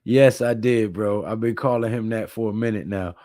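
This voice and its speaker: Brief: male live-stream host, tired, laid-back, mellow dark tone, dry close sound. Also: fairly low pitch, moderate pace, no echo. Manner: laid-back, reads chat comments aloud. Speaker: livestream host. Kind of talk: casual live-stream chat.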